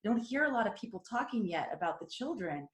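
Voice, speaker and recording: A woman's voice: medium pitch, very animated, a little fast. A woman hosting a podcast, chatting earnestly and sharing family stories. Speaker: podcast host. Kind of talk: casual podcast conversation. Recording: roomy echo.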